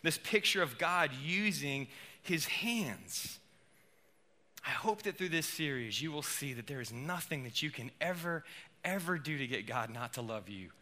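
A man giving a relaxed but lively sermon with playful asides. His voice is strikingly bright and sits a little high for a man. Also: unhurried. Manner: casual and animated, with playful asides. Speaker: pastor.

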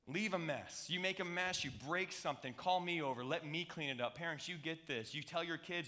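Animated pastor preaching, bright voice. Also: male voice, a little high, quick pace, hardly any pauses. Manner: animated, playful, jokey preaching with audience asides. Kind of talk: sermon. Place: church sanctuary.

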